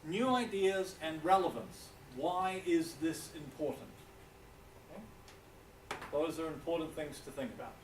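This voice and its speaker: A man from New Zealand with a New Zealand accent, giving a classroom lecture as a teacher and pausing often to check in with his students. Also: fairly high pitch, lively intonation. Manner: deliberate, checks in with frequent "okay?". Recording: echoey room, distant mic, faint hiss.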